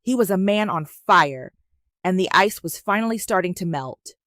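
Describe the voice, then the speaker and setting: A woman narrating a scripted story in a measured, even way, recorded on a close mic. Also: lowish voice, dry recording.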